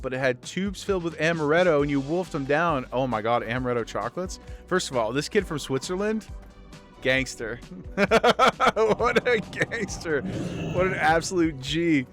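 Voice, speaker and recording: A man's voice: medium pitch, a bit bright. A man livestreaming a game, chatting casually with his viewers in a rambling way and often restarting his sentences. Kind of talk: casual chat with viewers while gaming.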